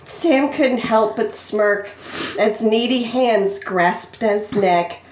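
A woman's voice: a little high, slow pace, darkish tone, slight background noise. A woman co-hosting a podcast, reading fan fiction aloud and often breaking into laughter. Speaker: podcast co-host.

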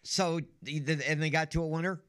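A man hosting a sports talk show in casual chat, lively and emphatic. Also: fairly high pitch, a little fast, smooth.

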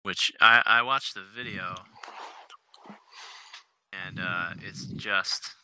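A man co-hosting a podcast in casual chat, joking, laughing often and halting over fillers. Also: low-pitched, bright, forceful tone, a little hiss or hum. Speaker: podcast co-host.

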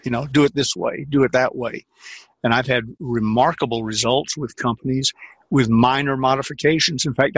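Husky older man, emphatic storyteller. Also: medium pitch, a bit bright, no room sound. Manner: emphatic, repeats key phrases, drawn-out stresses. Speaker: sales trainer and script consultant. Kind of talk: conversational interview storytelling.

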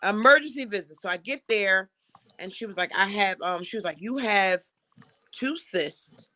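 A woman hosting a casual talk show, telling a personal story in a frank, animated way with laughs. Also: medium pitch. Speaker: host.

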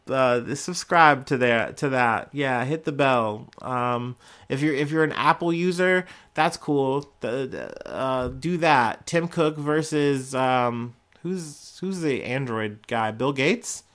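A man hosts his own news podcast in a loose, sarcastic riffing style. He jokes constantly and breaks into laughter, with a voice of ordinary pitch for a man. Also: takes it slowly. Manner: animated, jokey, sarcastic, laughs often. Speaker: podcast host. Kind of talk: casual solo news commentary.

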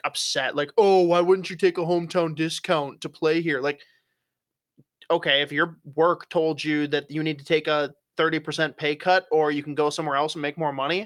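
A man's voice: fairly high pitch, pushed and bright, dry recording, studio quality. A young man co-hosting a casual hockey chat, opinionated and swearing casually with frequent fillers. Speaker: hockey podcast co-host.

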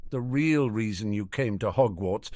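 A man's voice: on the low side, measured pace, no echo, lightly acted. A man voicing an eager, awestruck teenage boy wizard in a storybook reading. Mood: amazed. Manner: excited, quietly amazed.

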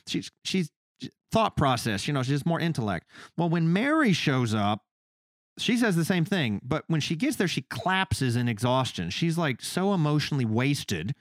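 Animated male podcast co-host. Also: on the high side, fairly quick, no echo, studio quality. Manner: animated, acts out quoted speakers in his retelling. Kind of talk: casual faith discussion.

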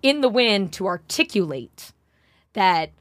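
Animated woman telling a wild story. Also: medium pitch, slow pace, no echo, clean studio sound. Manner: animated storytelling, rambling with fillers. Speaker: podcast co-host. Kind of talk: casual comedic chat.

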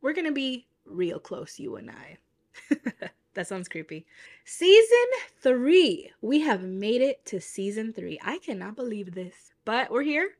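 A woman's voice: fairly high pitch, very animated, a little slow. Chatty, stuffy-nosed woman podcast host. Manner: laughs often at herself, chatty and upbeat. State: stuffy nose from a cold. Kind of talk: casual podcast chat.

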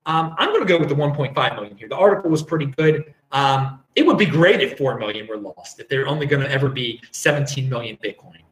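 A man's voice: mid-range voice, expressive, quick pace, hardly any pauses, echoey room, rough recording. A man hosting a casual live-streamed show, rambling and chatty as he reads out viewer comments. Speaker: show host.

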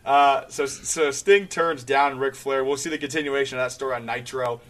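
A man's voice: medium pitch, fairly even intonation, normal speed, a bit bright. A man co-hosting a podcast in casual chat, telling stories with animation and laughing often. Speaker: podcast co-host. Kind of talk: casual chat recapping wrestling shows.

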